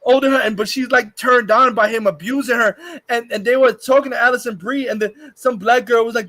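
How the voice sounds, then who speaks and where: A man's voice: very high-pitched, steady tone, a little fast, sharp tone, dry recording. A man hosting a casual livestream chat, profane and rambling, laughing often. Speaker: livestream host.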